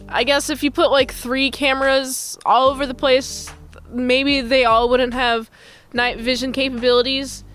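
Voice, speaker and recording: A woman's voice: fairly high pitch, a bit bright. A young woman giving a casual movie recap in a rambling, jokey way with loose slang. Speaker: movie reviewer.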